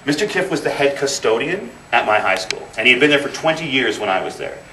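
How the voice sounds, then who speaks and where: Bright and forceful, this mid-range male voice has a sing-song lilt and a quick pace. The man, in his thirties, is a guest speaker delivering a motivational, story-driven talk with emphatic repetition. The event hall recording sounds roomy and distant, with slight noise.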